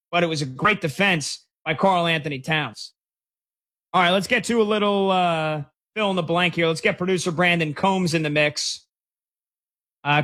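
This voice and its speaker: Excitable high-voiced male sports host. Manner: excitable, rapid, breaks into shouts. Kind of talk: live game commentary and call-in talk.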